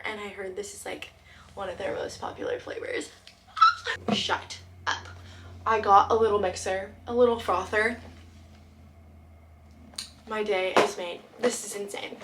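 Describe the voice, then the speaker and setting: A young woman vlogging as she unboxes gifts, gushing and excitable, sometimes dropping to a soft whisper. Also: mid-range voice. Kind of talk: casual unboxing vlog. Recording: noticeable background noise.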